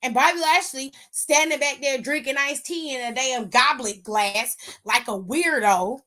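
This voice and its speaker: A woman's voice: sits high, a little slow, few pauses, bright, forceful tone. A woman hosting a wrestling aftershow, talking in a blunt, sassy, profane way. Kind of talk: casual opinionated recap.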